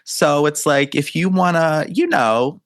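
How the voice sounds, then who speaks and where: A man's voice: on the high side, measured pace, no echo, studio quality. A man hosting a dating podcast, chatting casually and readily agreeing with his guest. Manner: affirming, frequent agreeing murmurs. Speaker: podcast host and dating coach. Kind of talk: casual conversational interview.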